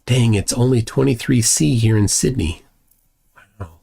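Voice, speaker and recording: A man's voice: mid-range voice, measured pace, vocal fry, dark tone, breathy edge. A man from Minnesota with a Minnesotan accent, chatting casually on a live stream in a rambling way and reading chat messages aloud. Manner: rambling, reads chat aloud, many restarts.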